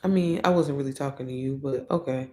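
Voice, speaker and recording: A woman's voice: extremely low pitch, fast, darkish tone, reverberant. A woman hosting a live stream in casual chat, greeting viewers by name and laughing often. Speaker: livestream host.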